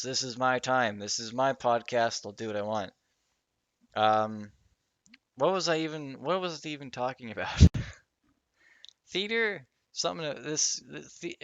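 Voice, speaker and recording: Slow-talking young man rambling solo. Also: mid-range voice, fairly bright tone, dry recording. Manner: meandering, self-deprecating, swears casually. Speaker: podcast host. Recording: dull lo-fi podcast audio.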